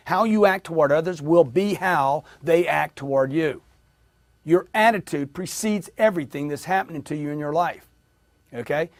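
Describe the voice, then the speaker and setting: Energetic male sales coach, slightly high-pitched, punchy repetition, dry recording. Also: dry recording. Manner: energetic, emphatic, drills audience with repetition. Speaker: sales trainer. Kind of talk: motivational sales training talk.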